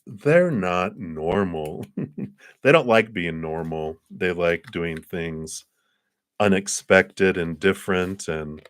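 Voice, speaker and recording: A man giving a live tarot reading, musing his way through the cards with frequent soft chuckles and trailing pauses. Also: low voice, no room sound, studio quality. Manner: musing, meandering, chuckles often. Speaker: tarot card reader.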